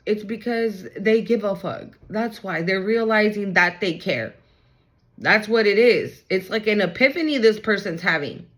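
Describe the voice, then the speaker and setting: A woman's voice: mid-range voice, lively intonation, unhurried, a bit bright, low-quality recording. A woman giving a casual tarot reading, talking straight to viewers in a blunt, hyped way and swearing freely. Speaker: tarot card reader.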